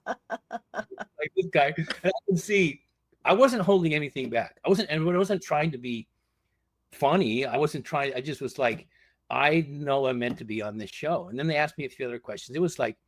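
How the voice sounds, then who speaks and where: Lively storytelling man, dry sound. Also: a little high, moderate pace, dry recording. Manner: lively, acts out other people's lines with laughter. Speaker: guest, former reality show contestant. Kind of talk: casual storytelling chat.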